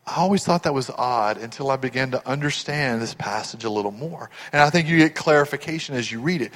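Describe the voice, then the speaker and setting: A middle-aged male pastor preaching a sermon, swinging from hushed, tender asides to loud, rising build-ups. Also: mid-range voice, a little fast, big-room sound.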